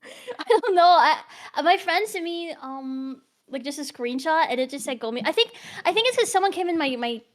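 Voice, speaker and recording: A woman's voice: sits high, animated, normal speed. A woman streamer in casual chat, giggly and rambling.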